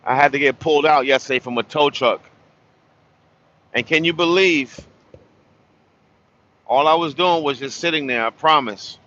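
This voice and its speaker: A man's voice: on the high side, moderate pace, pauses often, sharp tone. Tired man rambling, muffled phone audio. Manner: tired, rambling, repeats words. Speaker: truck driver. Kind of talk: casual storytelling vlog.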